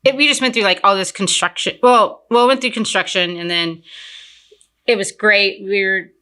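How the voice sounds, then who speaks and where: A woman's voice: mid-range voice, normal speed, smooth. A young woman from Fort Worth, Texas, being interviewed about her business and telling stories in a chatty way, full of "like" fillers. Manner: chatty, lots of "like" fillers, animated retelling. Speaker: entrepreneur guest. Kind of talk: casual interview storytelling.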